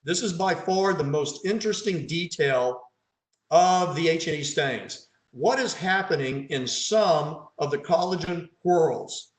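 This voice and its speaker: A man's voice: a little high, expressive, a little slow. A man, a pathologist, leads an online case conference over slides, quizzing his audience and adding dry, sarcastic asides. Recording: roomy echo.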